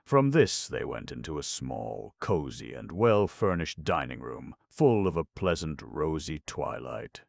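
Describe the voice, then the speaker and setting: A male audiobook narrator with an extremely low, gravelly voice reads classic fiction in a measured, literary manner. The recording is dry and close, with no room around it. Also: very animated, no echo. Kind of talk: scripted narration.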